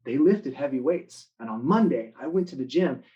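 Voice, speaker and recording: A man giving a motivational talk to students in an online live session, telling stories with lively acted-out quotes. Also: mid-range voice, moderate pace, highs cut off. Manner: animated storytelling, acting out quoted lines. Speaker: motivational speaker.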